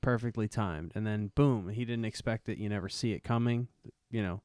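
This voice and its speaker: A man's voice: fairly low pitch, a little fast, darkish tone, dry recording, studio quality. A man co-hosting a casual film podcast, rambling through his thoughts with lots of "you know". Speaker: podcast co-host.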